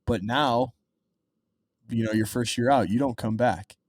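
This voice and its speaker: A young man in his twenties co-hosts a podcast, rambling through casual chat with plenty of fillers. He speaks unhurriedly at a medium pitch, and there's a little hiss or hum in the recording.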